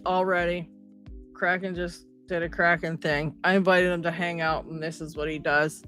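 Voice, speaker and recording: A woman's voice: fairly low pitch, flat delivery, normal speed, a bit bright, faint music behind. A woman hosting a live stream, chatting casually, greeting viewers by name and laughing often. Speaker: livestream host. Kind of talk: casual livestream chat.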